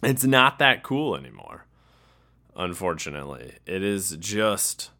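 A man's voice: low voice, big pitch swings, unhurried, sharp tone. A young man hosting a casual solo podcast, rambling and laughing at himself as he talks. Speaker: podcast host.

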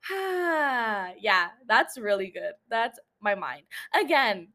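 A woman's voice: fairly high pitch, sing-song, slow pace, a bit bright. A young adult woman hosting a solo podcast, rambling casually, swearing and laughing at herself. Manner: rambling, self-mocking, swears freely, frequent laughs. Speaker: podcast host.

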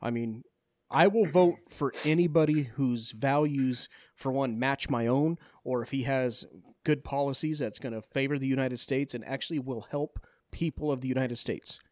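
A man co-hosting a casual podcast with friends, laughing often and protesting loudly when teased. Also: mid-range voice, moderate pace, no room sound. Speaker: podcast co-host. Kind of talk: casual chat.

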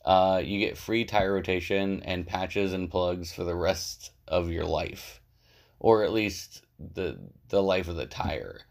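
A man's voice: low voice, takes it slowly, vocal fry, a little mellow. A young man co-hosting a casual podcast, rambling and joking with lots of fillers. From Southern California. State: out of breath. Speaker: podcast co-host. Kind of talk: casual podcast chat and self-read ad.

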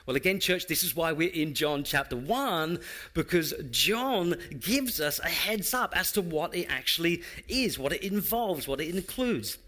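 A man's voice: fairly high pitch, expressive, measured pace, sharp tone. A man preaching a sermon to his church, reading scripture, praying and addressing the congregation with rhetorical questions. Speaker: preaching pastor.

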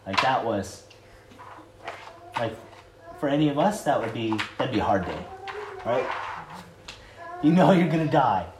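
A man's voice: mid-range voice, expressive, measured pace, pauses often. A man giving an informal sermon, talking conversationally with many fillers and building to emphatic preaching. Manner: frequent "like" and "you know" fillers. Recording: echoey room with loud noise.

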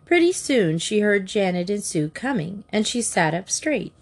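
A woman narrating a children's storybook aloud in a measured, expressive way. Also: medium pitch, gravelly. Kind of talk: audiobook narration.

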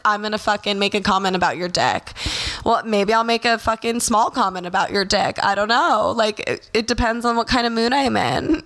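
A young woman ranting casually to camera, blunt and profane, packing her story with fillers and lively storytelling. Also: on the high side. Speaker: vlogger.

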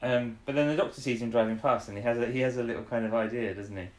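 A man's voice: medium pitch, fairly even intonation, darkish tone. A man co-hosting a casual chat, recapping an episode. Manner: rambling, acts out characters' lines in quick impressions. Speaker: podcast co-host. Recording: echoey room.

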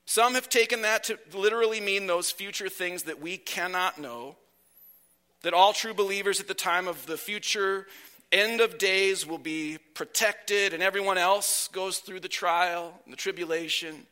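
Preacher, man, sick and slightly whiny, high bright voice, earnest and emphatic. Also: smooth. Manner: earnest, emphatic preaching with slow drawn-out phrases. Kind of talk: sermon.

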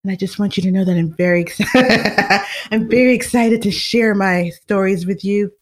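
A podcast host doing an impression of a soft-spoken, peaceful famous woman singer, in a breathy, hushed, soothing voice. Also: mid-range voice, moderate pace, lightly acted. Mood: sweet.

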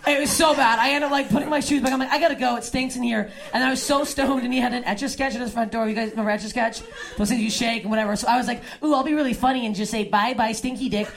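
A woman's voice: on the high side, fairly even intonation, creaky. Brash young woman doing stand-up. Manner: brash, crude storytelling with quick asides to the audience. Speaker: stand-up comedian. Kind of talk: stand-up comedy set. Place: comedy club stage before a laughing crowd. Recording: live club with audience laughter.

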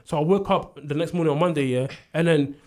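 A young man tells a story at a quick clip, and his voice sits a touch higher than most men's. He is animated, jumps into the voices of the people in his tale and laughs through the telling. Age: young adult. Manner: animated storyteller who acts out quotes and laughs often. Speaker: university student. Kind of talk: casual storytelling chat.

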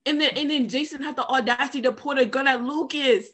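Bright, dramatic young woman guest. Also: high voice, quick pace. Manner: dramatic, mock-outraged. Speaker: podcast guest. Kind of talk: casual chat.

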